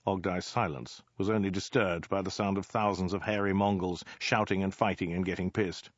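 Brief: low-voiced male storyteller, dry and measured, dull lo-fi recording. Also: steady tone, dry recording. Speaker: narrator. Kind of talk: scripted narration of a comic story.

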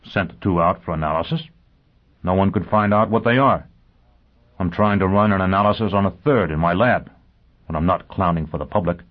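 A hard, single-minded hunter who talks in short, blunt lines, as a male audiobook reader voices him. The voice is very deep. It is squeezed into a thin, phone-like band. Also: a little fast. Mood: plain. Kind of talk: audiobook character voice. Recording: tinny phone-like sound.

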